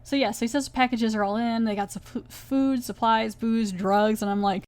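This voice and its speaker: A woman hosting a podcast, casually recapping a TV episode in a chatty, animated way. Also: on the high side, fairly quick, clean tone. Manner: chatty, animated, retells scenes with quoted voices. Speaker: podcast host reviewing a TV episode.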